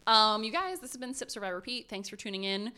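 A woman's voice: mid-range voice, lively intonation, pushed and bright, smooth. A woman co-hosting a podcast, chatting casually and joking around with her co-hosts. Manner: chatty, jokey, quick to laugh. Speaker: podcast co-host.

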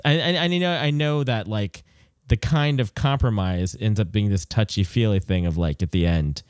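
Guy rambling about a movie, lots of likes and restarts, kinda low voice. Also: normal speed, clean tone, dry recording, clean studio sound. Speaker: podcast co-host. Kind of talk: casual film discussion.

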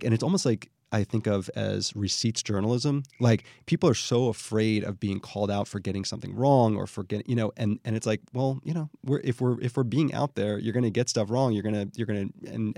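Gravelly-voiced man hosting a podcast. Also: fairly low pitch, steady tone, mellow, dry recording, clean studio sound. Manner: quick, chatty, restarts a lot. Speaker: podcast host. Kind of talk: casual interview chat.

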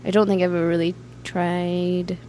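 A woman's voice: fairly low pitch, little pitch movement, moderate pace, mellow, slight background noise. A woman with a Scottish accent, a musician guest in a casual interview, chatty and self-deprecating, laughing often as she talks. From Scotland.

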